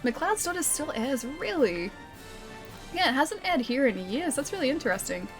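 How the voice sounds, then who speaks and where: Young Australian woman, game streamer, bright and a little high, chatty, laughs a lot. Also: very animated, normal speed, over music. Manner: chatty, laughs often, answers chat. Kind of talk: casual live-stream chat.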